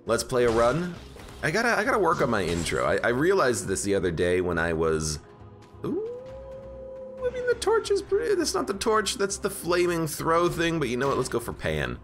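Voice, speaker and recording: A man talks through a video game run in a loose, rambling way and keeps restarting his sentences. His pitch swings up and down a lot as he reacts. Game music plays clearly behind him. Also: huge pitch swings, normal speed, a bit bright. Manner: rambling, self-correcting, chatty. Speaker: game streamer. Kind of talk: casual let's-play commentary.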